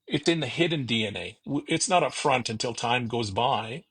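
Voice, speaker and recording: Middle-aged man, gravelly and husky, rambling storyteller who voices the people he quotes, casual podcast guest. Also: mid-range voice, animated, moderate pace, fairly bright tone. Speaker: podcast guest, car finder.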